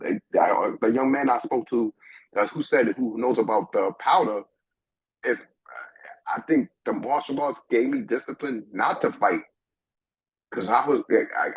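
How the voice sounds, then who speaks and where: A middle-aged man from New York, a guest telling a personal story in an animated way, often restarting and repeating words as he thinks. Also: lowish voice, breathy edge, no echo. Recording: dull lo-fi dry sound.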